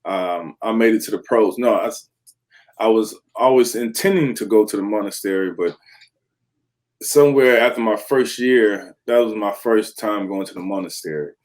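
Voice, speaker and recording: A man's voice: fairly low pitch, normal speed. A man in his thirties, an interview guest and former pro football player, telling his story candidly and acting out the voices in it. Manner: animated storyteller who acts out quoted voices and laughs.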